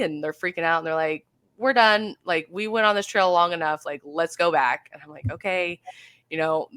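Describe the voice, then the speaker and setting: Woman, 30s, deep for her sex, chatty guest storyteller with many fillers; dry recording. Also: a bit bright, dry recording. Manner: chatty, full of fillers and acted-out quotes. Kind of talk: casual storytelling.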